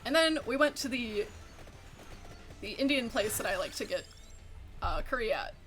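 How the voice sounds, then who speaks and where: A woman's voice: a little high, expressive, moderate pace, a bit bright, faint music behind. A woman streaming a game as a VTuber, chatting casually, giggling a lot and swearing freely. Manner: giggly, chatty, often breaks into laughter. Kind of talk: casual chat while gaming.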